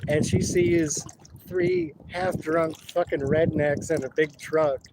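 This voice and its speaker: A man's voice: fairly high pitch, huge pitch swings, takes it slowly, noisy background. A man casually telling rambling, laughing stories outdoors on a river, swearing freely. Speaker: vlogger. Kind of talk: casual storytelling while kayaking.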